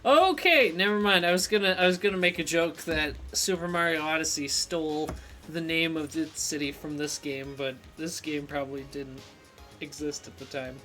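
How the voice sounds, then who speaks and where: A man's voice: on the high side, moderate pace, bright, forceful tone, soft background music. A man streaming a video game live, chatting playfully and reading the game's text aloud as he goes.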